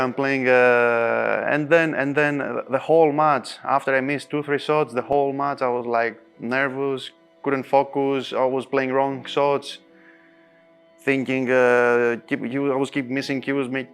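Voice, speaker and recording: A man recounts a match in a casual interview, speaking animated non-native English. His pitch sits mid-range for a man, and he often breaks into laughter. Soft music plays faintly underneath. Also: smooth. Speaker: pool player interviewee.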